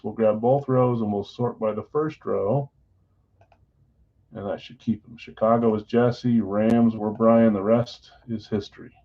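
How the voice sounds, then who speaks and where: A man hosting a live sports card break stream, chatting casually and reading out names and teams in quick lists. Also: mid-range voice, warm tone, highs cut off.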